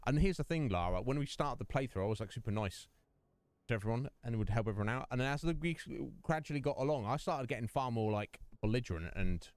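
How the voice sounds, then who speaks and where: Chatty male streamer, smooth dry voice. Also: mid-range voice, animated, fast, dry recording. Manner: chatty, rambling, joking with chat. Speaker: streamer and host. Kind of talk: casual livestream chat over gameplay.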